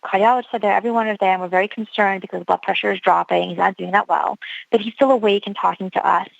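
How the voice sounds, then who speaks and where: A woman's voice: mid-range voice, steady tone, fast talker, gravelly, no echo, lo-fi sound. A woman emergency physician telling an earnest story of her early training, reenacting the dialogue as she goes. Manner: earnest, reliving events with quoted dialogue. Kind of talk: storytelling interview.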